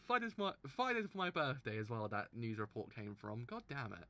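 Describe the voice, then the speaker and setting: Male reaction host, reads manga aloud and exclaims, with a bright, lively delivery. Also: mid-range voice, a little fast. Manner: excitable, exclaims loudly, stumbles while reading.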